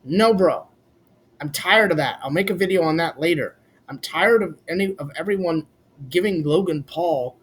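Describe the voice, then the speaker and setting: A man giving a blunt, casual, opinionated recap for his vlog, swearing freely and talking straight to his viewers. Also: high-pitched. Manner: blunt, swears casually, addresses fans as "boys". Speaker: wrestling commentary vlogger.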